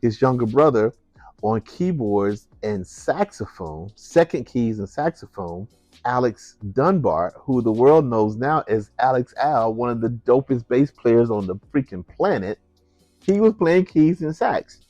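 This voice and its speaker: A man, a musician, telling a personal story in an animated way, acting out the voices of the people in it. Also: medium pitch, a little slow, no echo, dull audio, soft background music. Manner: animated, acts out voices, laughs while telling.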